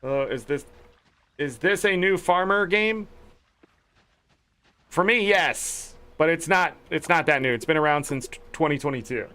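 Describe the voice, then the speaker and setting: A man's voice: fairly high pitch, a little slow, long pauses, bright, forceful tone, clear, resonant tone. A man giving casual, wry commentary while playing a farm video game, with sarcastic asides. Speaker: gaming streamer.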